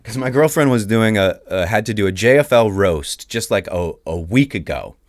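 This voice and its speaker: A man's voice: on the low side, animated, normal speed. A man co-hosting a podcast, asking friendly, rambling questions in a casual interview. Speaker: podcast co-host.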